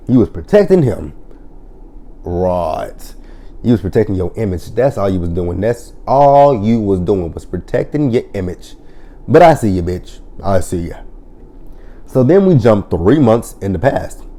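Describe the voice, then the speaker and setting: Profane man recapping a TV episode. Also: deep voice. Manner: profane, blunt storytelling; animated retelling with quoted lines. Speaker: TV show reviewer. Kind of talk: casual episode recap review.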